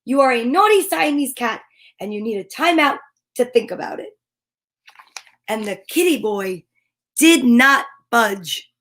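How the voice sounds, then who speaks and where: A woman's voice: a little high, lively intonation, unhurried, pauses often, a bit bright. A woman reading a children's picture book aloud, with playful, chatty asides to her listeners. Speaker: children's story reader.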